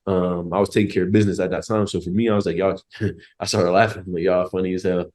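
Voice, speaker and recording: A young former college football player, appearing as a podcast guest, tells a story quickly and loosely with lots of slang, jokes and swearing. His voice is deep and low, a little mellow, with a level tone, and his delivery stays casual and laid-back.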